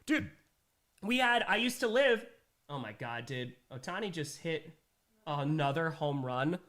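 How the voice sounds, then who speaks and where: Brief: young male streamer, slightly higher voice, emphatic casual Q&A host. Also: animated, a little slow, a bit bright. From New York. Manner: reads viewer messages aloud and reacts, emphatic and conversational. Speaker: livestream host. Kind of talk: casual livestream Q&A.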